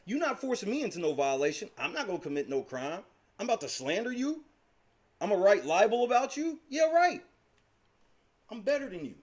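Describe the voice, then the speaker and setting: A high-pitched man hosting a livestream, tearing into a rival with profane taunts. His voice jumps around a lot as he mocks and lectures. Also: sing-song, brisk. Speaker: livestream host. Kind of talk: heated livestream argument.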